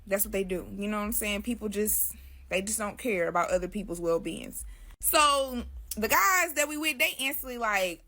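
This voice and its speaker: Woman guest spilling her story, slangy and chatty, keeps saying y'all, mid-pitched voice. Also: lively intonation, moderate pace, bright, forceful tone. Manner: addresses listeners as "y'all", loose slangy speech. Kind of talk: casual storytelling.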